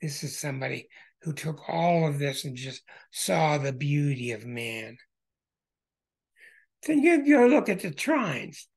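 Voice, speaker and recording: A man hosting an astrology show who walks through birth charts in an emphatic way, with bursts of excitement. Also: a little high, a little slow, husky.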